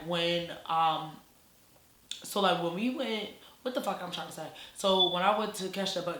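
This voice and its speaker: A woman's voice: fairly low pitch, a bit bright. Rambling, profane young woman vlogger. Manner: rambling, profane, restarts often. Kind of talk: casual storytime vlog. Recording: echoey room.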